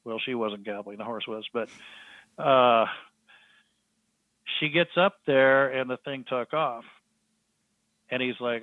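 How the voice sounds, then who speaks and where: A man's voice: mid-range voice, steady tone, measured pace, pauses often, no echo. A man, a guest in an interview, telling a story and acting out the quoted speech of the people in it. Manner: rambling storyteller who acts out quoted speech. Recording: tinny phone line.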